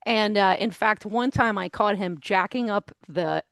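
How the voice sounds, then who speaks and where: A woman from central Pennsylvania with a Pennsylvania accent, a guest telling lively stories in a casual interview. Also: mid-range voice, a little slow, creaky, dry recording. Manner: lively storytelling, laughs often. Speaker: guest, consultant.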